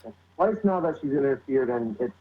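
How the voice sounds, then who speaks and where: A man's voice: medium pitch, expressive, a little fast, narrow, tinny audio. A man co-hosting a casual podcast who mostly drops in short reactions and questions. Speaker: podcast co-host.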